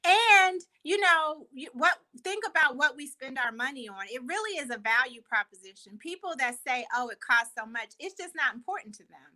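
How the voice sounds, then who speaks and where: Earnest woman guest on a video call, bright and higher-pitched, thoughtful, restarts phrases. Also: expressive, moderate pace, few pauses, poor audio. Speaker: guest, company co-founder. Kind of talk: casual video chat interview.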